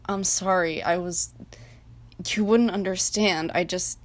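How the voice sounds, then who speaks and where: A woman voicing a gentle, remorseful male figure who speaks softly and hesitantly, in a fan-made story reading. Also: on the low side, steady tone, measured pace, close to an everyday voice. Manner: soft, hesitant, apologetic. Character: remorseful male personified Soviet nation, gentle.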